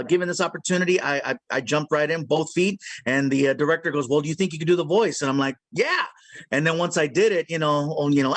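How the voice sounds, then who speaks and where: A man, a comedian and voice actor, telling stories in a casual video-call interview in an animated, playful way. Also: fairly high pitch, dry recording. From Mexican heritage. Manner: animated, playful storyteller who slips into character voices.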